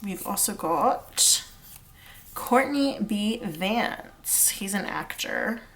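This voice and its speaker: A woman's voice: medium pitch, expressive, extremely slow, fairly bright tone. A woman giving a casual pick-a-card tarot reading, chatty and rambling with lots of fillers. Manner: chatty and rambling, many fillers, sings snatches of lyrics. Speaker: tarot reader.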